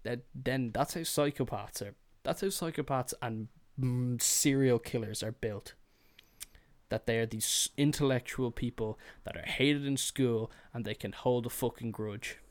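A podcast host with a mid-range voice delivers an unhurried but heated solo rant, swearing freely throughout. He repeatedly drops into whiny, mocking voices to drive his point home.

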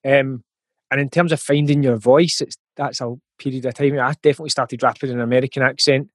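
A man's voice: mid-range voice, fairly even intonation, fast talker, dry recording. A man with a Scottish accent, a musician guest in a casual interview, talking thoughtfully with frequent ums and restarts. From Scotland.

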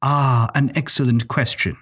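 A man voicing a soft-spoken, courteous keeper of a dream lodge with a grand way of talking. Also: mid-range voice, fairly even intonation, measured pace, slightly rough.

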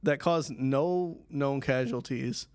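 A man co-hosting a podcast, chatting casually and filling pauses with many ums and uhs. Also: medium pitch, a little mellow, smooth, dry recording. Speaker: podcast co-host. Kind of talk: casual chat.

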